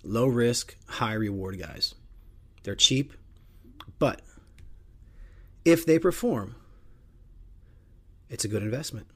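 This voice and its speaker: A man's voice: mid-range voice, animated, takes it slowly, pauses often, a little mellow, husky. A middle-aged man hosting a podcast, rambling through casual sports talk with crude jokes. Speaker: podcast host.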